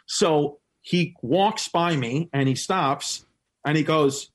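A man, a comedian telling a story in an animated way, laughing often. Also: unhurried, heavy background noise. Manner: animated storyteller, laughs often and jumps up in pitch for quoted voices. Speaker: guest comedian. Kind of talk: storytelling in casual podcast chat.

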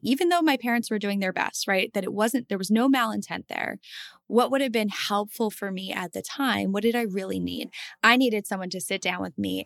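A woman co-hosting a relaxed podcast, thinking out loud as she talks. Her mid-pitched voice has some gravel in it, and the recording is close and dry. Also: no echo. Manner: reflective, asks herself questions aloud. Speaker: podcast co-host, therapist. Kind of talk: casual podcast chat.

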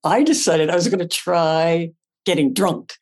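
A woman actress as a podcast guest, telling animated stories, acting out her own past lines and swearing casually. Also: on the low side, measured pace. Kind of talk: animated storytelling.

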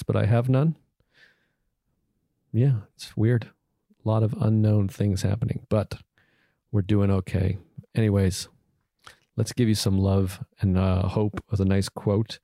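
Rambling Boston man, low mellow voice. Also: fairly even intonation, a little slow, pauses often, no room sound, studio quality. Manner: rambling, self-deprecating, loose. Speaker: podcast host. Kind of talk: casual podcast chat.

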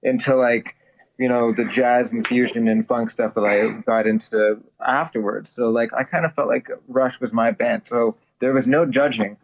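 A man's voice: mid-range voice, fairly even intonation, normal speed. A man, a musician, chatting casually and joking, full of filler words. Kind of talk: casual chat. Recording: muffled lo-fi audio with faint noise.

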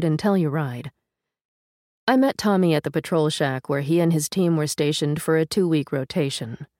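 A woman narrating a magazine feature article in a measured, steady read, speaking as the reporter. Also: low-pitched, no room sound, clean studio sound. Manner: measured, steady reading with a first-person reporter voice. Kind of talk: scripted narration.

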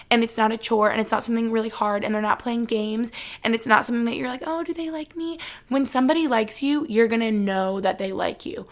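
A young adult woman vlogger chatting casually to camera, giving earnest advice and saying "like" often. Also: on the high side.

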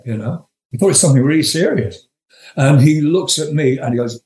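A man's voice: a little high, brisk, a little mellow. A man in his seventies from England, a guest telling rambling, profane anecdotes with frequent chuckles. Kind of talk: storytelling interview. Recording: roomy echo.

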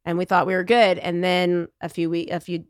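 A woman's voice: on the low side, brisk, dry recording. Wry woman telling a story, dry close sound. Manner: wry, animated, acts out quoted voices. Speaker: podcast guest. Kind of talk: casual storytelling conversation.

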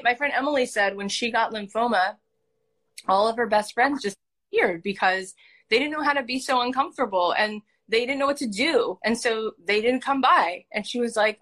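A woman's voice: fairly high pitch, fairly quick. A woman hosting as a life coach, talking earnestly and emotionally in a heartfelt coaching conversation. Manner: earnest, emotional, animated storytelling.

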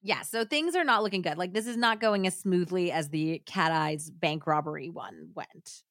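A woman's voice: lowish voice, moderate pace, fairly bright tone, no echo, studio quality. A woman hosting a podcast, telling a true-crime story casually with many fillers and laughs. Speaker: podcast host.

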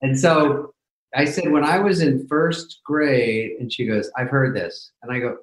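A man's voice: fairly high pitch, measured pace, echoey room, low-quality recording. A middle-aged man telling casual anecdotes as a podcast guest, dry and self-mocking, briefly mimicking others. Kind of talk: casual storytelling chat.

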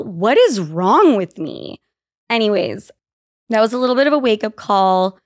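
A woman's voice: medium pitch, animated, normal speed. A young woman hosting a podcast, chatting casually and telling stories, swearing freely and laughing as she goes. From Utah. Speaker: podcast host. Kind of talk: casual chat.

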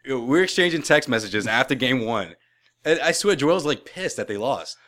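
A man's voice: mid-range voice, expressive, moderate pace, fairly bright tone. A male podcast co-host in casual sports chat, teasing his partner and laughing often.

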